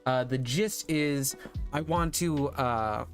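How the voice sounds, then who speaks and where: A man's voice: mid-range voice, takes it slowly, faint music behind. A man streaming casually, thinking aloud and rambling as he works. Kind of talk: casual livestream chat.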